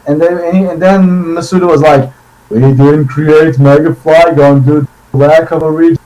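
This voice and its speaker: A man chatting casually on a podcast, excitable and rambling, with many restarts and tangents. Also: on the high side, normal speed, rough recording. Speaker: podcast co-host.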